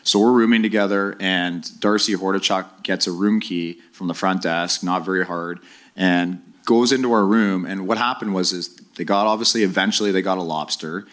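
Middle-aged man, ex-player, low voice, animated live-podcast storyteller. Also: moderate pace. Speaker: former hockey player guest.

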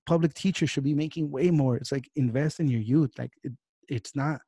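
A man's voice: medium pitch, mellow, slightly rough, no echo. Dry-sounding man ranting heatedly. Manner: heated, profane, fast-talking rants. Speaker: podcast host. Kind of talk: casual political rant.

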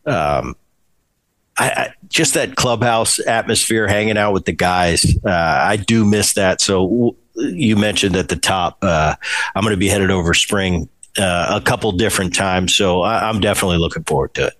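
A man's voice: sits low, moderate pace. A man hosting a podcast, a former ballplayer telling stories in casual chat and acting out the quoted exchanges. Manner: animated, acts out quoted exchanges.

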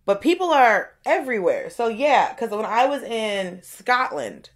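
A woman in her thirties co-hosting a casual comedic chat, an animated storyteller who acts out the voices of people in her stories. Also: fairly high pitch, unhurried. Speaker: co-host.

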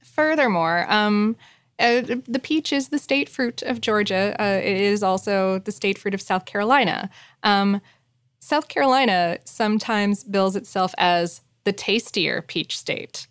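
Woman, podcast co-host, chatty, fills pauses with um and like, mid-pitched voice, dry close mic. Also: clean tone, dry recording. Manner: chatty, many fillers, gently amused. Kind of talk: casual chat.

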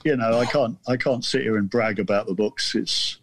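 With a crowd audible in the background, a southern English guest author rambles through a story in casual chat, self-deprecating and restarting haltingly. His pitch is fairly low.

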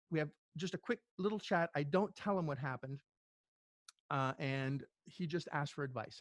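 A middle-aged man telling a personal story as an interview guest, earnest and halting, with many restarts. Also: fairly high pitch, no echo. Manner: earnest, halting, tearful at times.

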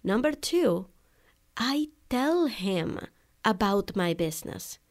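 Woman, podcast host, casual storytelling, conversational asides, mid-pitched voice. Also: big pitch swings, takes it slowly. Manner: conversational, frequent "right?" and "you know" asides. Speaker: podcast host for online coaches.

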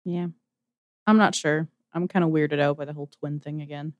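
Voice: mid-range voice, steady tone, normal speed, no echo, highs cut off. Wry teasing podcast co-host from Canada. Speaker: podcast co-host reviewing games. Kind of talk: casual chat.

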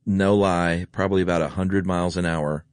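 Male co-host, very low voice, dry close sound, easygoing joker. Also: fairly even intonation, a little fast, clean tone, dry recording. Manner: laid-back, jokey storyteller. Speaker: podcast co-host. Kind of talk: casual conversational chat.

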